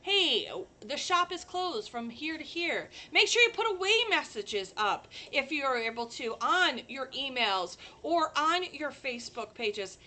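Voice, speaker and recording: A woman's voice: high-pitched, big pitch swings, measured pace, pushed and bright. A woman hosting a chatty live crafting stream, bubbly and talking straight to her viewers.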